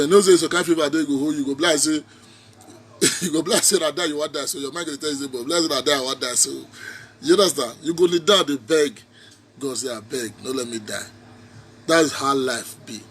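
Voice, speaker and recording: Nigerian man, pidgin accent, fairly high voice, preachy repetitive rant, faint background hiss. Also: brisk, a bit bright. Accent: Nigerian Pidgin English speaker. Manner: preachy, repetitive, mocking with bursts of laughter. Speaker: social media commentator. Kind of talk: casual political vlog rant.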